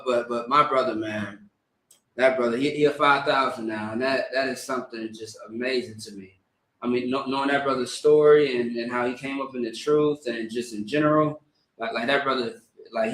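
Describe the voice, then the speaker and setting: Male service leader, sermon; stammering scripture reading into casual rambling preaching; bright tone, roomy echo. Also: medium pitch. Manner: halting, stammering repeats while reading. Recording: echoey room.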